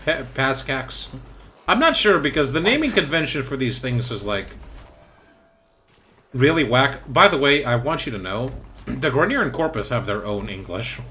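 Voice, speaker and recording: A man hosting a game stream, talking excitably and rambling with frequent laughs. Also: medium pitch, normal speed, slight background noise. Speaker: streamer host. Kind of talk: casual game-stream chat.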